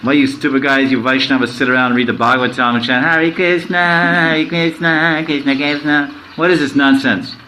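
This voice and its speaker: A man's voice: medium pitch, steady tone, quick pace, few pauses, sharp tone, a little hiss or hum, close to an everyday voice, rough recording. A man voicing a scornful man who jeers at devotees in a derisive way. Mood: mocking. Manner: jeering, derisive.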